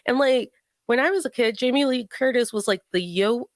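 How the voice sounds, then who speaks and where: A woman co-hosting a podcast in casual chat, giggly and rambling with animated energy. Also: on the high side, normal speed, no echo, clean studio sound. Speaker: podcast co-host.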